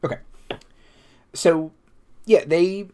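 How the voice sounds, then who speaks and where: A man narrating a tabletop game as game master, halting, with many fillers and restarts. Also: high voice, steady tone, darkish tone.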